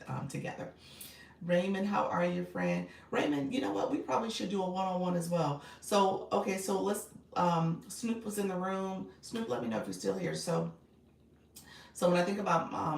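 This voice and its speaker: A woman's voice: on the low side, vocal fry. A woman with a Chicago accent, a livestream coach chatting casually on a live stream, greeting viewers by name and laughing often. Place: home setup with phone on a stand. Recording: echoey room, mic at a distance, faint noise.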